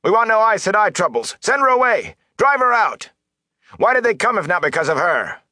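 A man voicing a few angry men who shout from a crowd. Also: high voice, very animated, normal speed, no room sound, clean studio sound, pitched above the performer's own voice, full character voice.

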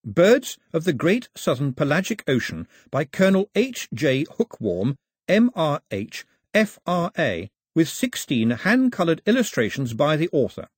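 A man voicing a prim, excitable, well-spoken young girl who speaks high and with emphasis. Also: slightly rough, no echo, studio quality, full character voice. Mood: deliberate. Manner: high and emphatic, slow deliberate words when teaching.

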